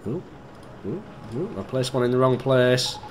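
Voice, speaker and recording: In let's play commentary, a British gamer chats and jokes at a moderate pace, his medium-pitched voice expressive. He swears and mutters to himself while building, with a little hiss or hum in the audio.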